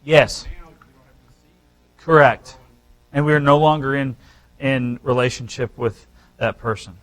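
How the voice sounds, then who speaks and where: A man teaching a live real estate seminar, talking straight to the room with animated, emphatic delivery and frequent restarts. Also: medium pitch, slow pace, poor audio.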